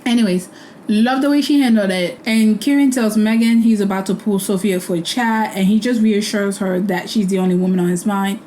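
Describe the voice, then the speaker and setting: A woman's voice: mid-range voice, steady tone, brisk, warm tone, slight background noise, rough recording. A young woman hosting a casual recap, talking bluntly and opinionated. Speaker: host.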